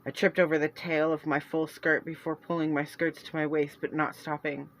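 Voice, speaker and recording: A woman reading her own fantasy novel aloud in first person, earnest and halting with restarts. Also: sits low, flat delivery, poor audio.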